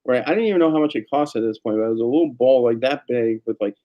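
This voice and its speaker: A man chatting casually on a family vlog, telling animated stories with casual swearing. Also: mid-range voice, quick pace, dull audio. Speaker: vlogger, family channel dad. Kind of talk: casual chat.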